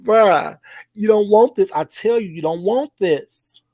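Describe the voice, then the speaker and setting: Loud profane taunting vlog rant. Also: unhurried. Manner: loud, profane, taunting, swings between shouting and low mutters; keeps repeating the target's name mockingly. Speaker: YouTuber. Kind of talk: ranting call-out vlog.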